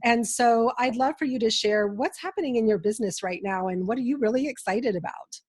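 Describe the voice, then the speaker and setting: A woman's voice: fairly high pitch, fairly quick, darkish tone, breathy edge, no room sound. A middle-aged woman hosting a podcast, nasal from a cold, giving an enthusiastic, gushing introduction of her guest. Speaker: podcast host. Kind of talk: casual podcast chat.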